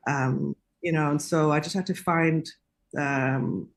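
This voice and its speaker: A woman telling stories as a radio guest, chatty and quick to laugh, with many fillers. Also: low-pitched, fairly even intonation, gravelly. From South Africa. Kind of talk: casual radio anecdote.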